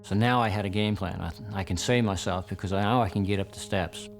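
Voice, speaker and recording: A man with a low, gravelly voice recounts his survival in a documentary interview. He talks plainly and reflectively and pokes fun at his own mistakes. Guitar music plays clearly beneath him. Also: brisk. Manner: plain, reflective, self-deprecating account. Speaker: survivor telling his story. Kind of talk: documentary testimony. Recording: music bed under interview.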